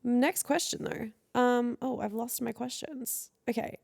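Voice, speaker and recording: A woman's voice: on the high side, fairly even intonation, measured pace, creaky, darkish tone. A woman, co-hosting a podcast in casual chat and reading out questions. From Australia. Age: 20s. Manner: casual, filler-heavy, reads out questions. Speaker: podcast co-host.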